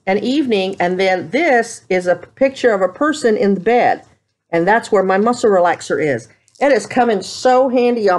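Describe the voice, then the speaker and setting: A middle-aged woman talks to her camera at home in a loose, chatty way, rambling from one story to the next. Her voice sits at an everyday pitch for a woman. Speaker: vlogger. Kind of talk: casual chat to camera.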